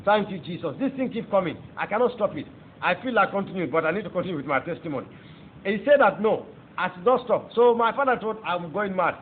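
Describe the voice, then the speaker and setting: A man's voice: sits high, lively intonation, fast. A man with a Nigerian accent giving a fervent preaching testimony, emphatic and repeating phrases as he addresses his listeners. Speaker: testifying convert. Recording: tinny phone-like audio with faint background noise.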